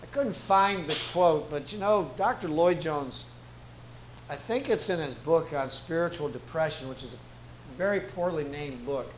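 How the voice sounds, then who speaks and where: A man preaching as a guest pastor, slow and emphatic, repeating key phrases for weight. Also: fairly high pitch. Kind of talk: sermon. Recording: echoey room with faint ambient noise.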